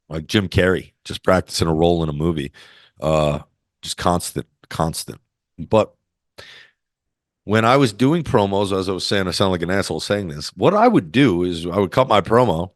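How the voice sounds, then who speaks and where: Brash, profane man with a low voice. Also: normal speed, pauses often, no room sound, clean studio sound. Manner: brash, profane, energetic, swaggering. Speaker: interview guest, former wrestler. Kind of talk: casual storytelling interview.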